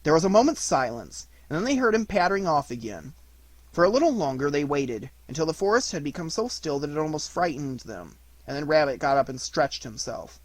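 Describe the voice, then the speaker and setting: A man reading a children's storybook aloud in an expressive narrating voice. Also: fairly high pitch, brisk, dry recording. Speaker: audiobook reader.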